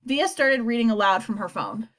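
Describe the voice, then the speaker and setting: A woman narrating a children's story aloud in an expressive reading voice. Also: fairly high pitch, moderate pace. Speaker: narrator, audiobook reader.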